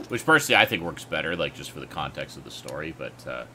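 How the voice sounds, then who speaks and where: A man's voice: rumbling low, very animated, fast talker, sharp tone, slight background noise. A man chatting on a casual livestream, thoughtful and enthusiastic as he weighs different versions of films. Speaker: viewer and co-host.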